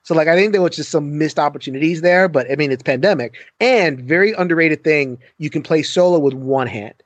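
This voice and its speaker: A man with a fairly high voice who hesitates and restarts as he picks a game apart. The sound is dry and close. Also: dry recording. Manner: frank, halting critique. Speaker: co-host. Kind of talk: casual chat on a gaming stream.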